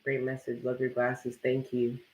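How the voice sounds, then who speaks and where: A man's voice: medium pitch, completely flat delivery, normal speed, reverberant, rough recording. A man hosting a tarot live stream, chatting casually and bluntly with plenty of swearing while reading viewer comments aloud. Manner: casual, blunt and profane, lots of "like".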